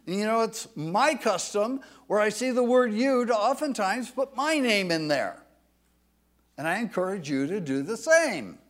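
A man preaching a sermon, swelling to loud, emphatic declarations when he quotes scripture. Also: sits high, very animated, a little slow. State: tired from little sleep. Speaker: pastor.

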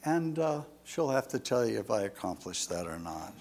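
A man's voice: medium pitch, very animated, moderate pace, darkish tone. An older man in his sixties preaching a folksy sermon, chatty and rambling, with jokes and asides.

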